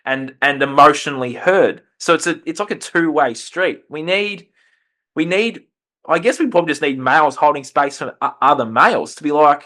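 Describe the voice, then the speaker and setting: Earnest man, slightly high voice. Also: lively intonation, normal speed, sharp tone. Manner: impassioned, repeats and restarts phrases. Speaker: podcast guest, life coach and author. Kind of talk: earnest conversational interview.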